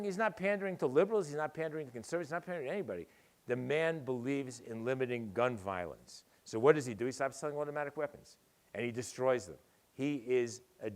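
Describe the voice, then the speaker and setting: Older guy doing a keynote, punchy, sarcastic, lively. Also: mid-range voice. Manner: punchy, sardonic, lively delivery. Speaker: keynote speaker. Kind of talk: conference keynote. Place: dinner event hall.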